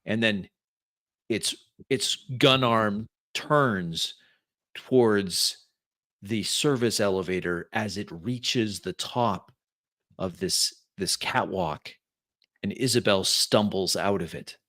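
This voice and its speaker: Male game master, slow and bright-toned, deliberate scene narration. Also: lowish voice, dry recording.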